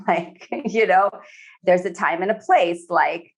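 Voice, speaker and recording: A woman therapist talking in a relaxed podcast conversation, filling her speech with "you know" and slipping into quoted voices. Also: fairly low pitch, unhurried, gravelly, husky. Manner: chatty, many fillers, acts out quoted speech.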